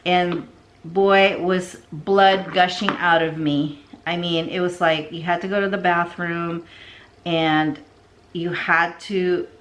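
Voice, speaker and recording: A middle-aged woman tells a rambling story at a slow, unhurried pace, her voice sitting low for a woman. She chats casually and slips into quiet asides as she works. A faint hiss sits under the recording. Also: flat delivery. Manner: chatty, rambling, drops to soft asides. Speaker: succulent vlogger. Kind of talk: casual storytelling while arranging plants.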